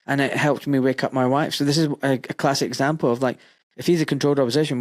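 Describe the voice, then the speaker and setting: A podcast host who is also a doctor talks quickly in a mid-range voice, chatting casually and telling animated stories packed with fillers. There's no echo on the recording.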